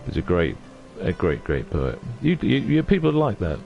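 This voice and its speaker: A middle-aged man chatting on a livestream, soft-spoken and halting, often moved. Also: sits low, huge pitch swings, vocal fry, lo-fi sound, soft background music. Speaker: streamer. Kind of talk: casual livestream chat.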